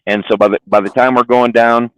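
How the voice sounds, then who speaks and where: A man's voice: mid-range voice, flat delivery, brisk, no echo, lo-fi sound. A man, a trucker, telling a rambling, profane story in casual chat, often repeating words. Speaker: trucker guest. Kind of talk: casual storytelling on a live stream.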